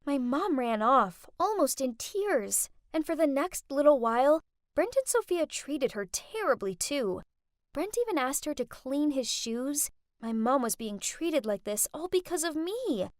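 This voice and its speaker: Expressive woman narrator for an animated story, high and animated, bone-dry close mic. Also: no room sound. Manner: expressive, dramatic. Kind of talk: scripted first-person narration.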